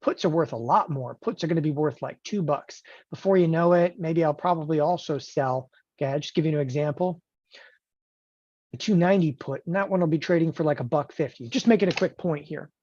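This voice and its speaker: A man teaching options trading in an animated lecture, emphatic and joking, often checking in with the listener. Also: a little high, brisk, no echo. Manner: emphatic, joking, keeps asking "okay?". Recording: dull lo-fi dry recording.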